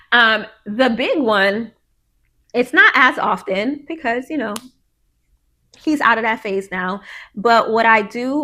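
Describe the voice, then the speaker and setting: A woman in her thirties hosts a podcast and talks straight to her listeners in a loose, heartfelt monologue. Her voice sits at an ordinary middle pitch, and she leans on fillers and acts out quick bits of what her kids say. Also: pushed and bright. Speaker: podcast host.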